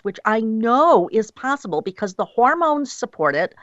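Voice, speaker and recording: A woman's voice: a little high, big pitch swings, moderate pace, fairly bright tone, dry recording, dull audio. A passionate woman guest in a radio interview, speaking emphatically and acting out quotes.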